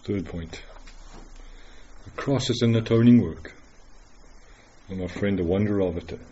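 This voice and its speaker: A man preaching a dramatic, earnest sermon full of rhetorical questions, swinging between loud declarations and hushed words. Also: fairly low pitch, measured pace, muffled recording, a little hiss or hum.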